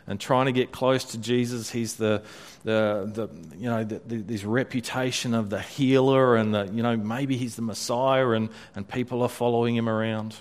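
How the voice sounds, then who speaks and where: A pastor leading a guided scripture meditation, speaking reflectively with many hesitant restarts. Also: male voice, medium pitch, steady tone, moderate pace, few pauses.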